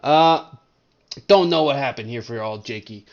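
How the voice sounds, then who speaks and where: At a moderate pace and medium pitch, a young man from Colorado hosts a relaxed fantasy league recap on a desk webcam, wandering off on tangents, joking, and teasing his buddies. The highs are cut off in the recording.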